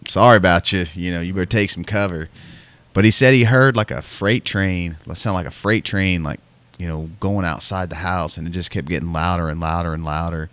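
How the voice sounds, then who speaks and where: A man with a very low voice tells a story in a loose, casual way. He rambles with plenty of fillers and false starts, circling back before he gets to the point, like a co-host chatting on a podcast. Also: a little fast, fairly bright tone, clear, resonant tone, dry recording. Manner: rambling, lots of fillers and restarts.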